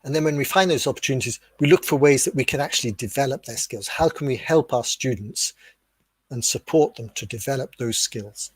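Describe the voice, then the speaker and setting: A man's voice: medium pitch, brisk, no room sound. British man giving a dry, close lecture. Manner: steady, clear teaching tone with rhetorical questions. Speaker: webinar speaker on teacher development. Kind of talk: explanatory lecture.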